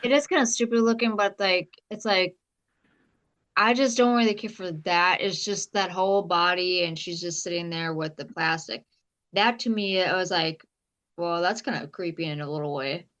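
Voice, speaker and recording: A woman's voice: medium pitch, moderate pace, a bit bright. A woman co-hosting a podcast, chatting loosely about a horror film with lots of fillers. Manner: loose, filler-heavy reactions. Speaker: podcast co-host. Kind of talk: casual chat.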